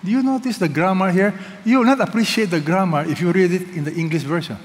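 A man's voice: high voice, fast talker. A man preaching a sermon, emphatic and leading the congregation to repeat phrases after him. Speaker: pastor. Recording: reverberant hall with faint noise.

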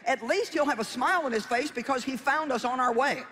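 A man's voice: very high voice, a little fast, bright, forceful tone, long reverb tail, a little hiss or hum. A man preaching a sermon in a folksy, conversational way, with emphatic exhortations.

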